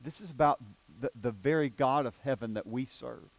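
A man preaching a sermon as pastor in a church, with an East Tennessee accent, swinging from hushed, low lines to loud, emphatic declarations. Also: moderate pace. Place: church sanctuary.

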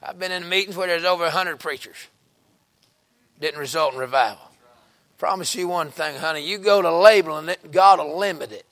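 A man with a Southern US accent preaching a fervent revival sermon in a church, breaking into sudden shouts and exclamations. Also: on the high side, fairly quick. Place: church sanctuary.

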